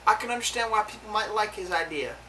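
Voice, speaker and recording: A woman's voice: medium pitch, pushed and bright, slight background noise, poor audio. A woman delivering a heated, profane rant to her viewers, stumbling and restarting her sentences as she goes. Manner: heated, swearing, halting with many restarts. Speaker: video blogger. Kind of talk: angry profane rant to camera.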